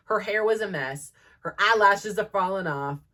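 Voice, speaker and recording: A woman's voice: mid-range voice, normal speed, pushed and bright. A woman in her thirties telling a casual story as a podcast host, rambling with lots of "like" and "um" and laughing often.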